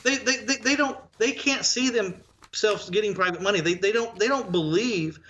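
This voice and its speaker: A man with a high, bright, forceful voice tells stories with lively energy, playing out conversations in different voices as he goes. The sound is dull and lo-fi, like a remote call recording. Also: moderate pace, a little hiss or hum. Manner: animated storyteller, acts out dialogue. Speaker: real estate investor and educator. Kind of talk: casual podcast interview.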